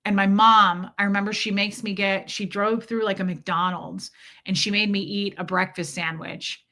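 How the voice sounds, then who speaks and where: A woman's voice: medium pitch, fairly even intonation, moderate pace, pushed and bright. A woman in her thirties telling a candid personal story to her live chat, swearing freely and answering viewers by name. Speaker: streamer.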